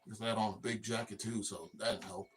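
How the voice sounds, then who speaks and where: A woman's voice: extremely low pitch, steady tone, fast talker. A woman hosting a casual chat, telling a story and laughing as she acts out the people in it. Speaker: host.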